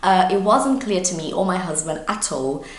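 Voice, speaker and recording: A woman from Brazil tells a story for English learners in a lively, expressive voice that sits slightly low. Her voice carries a noticeable room echo. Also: moderate pace. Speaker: English teacher. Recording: echoey room.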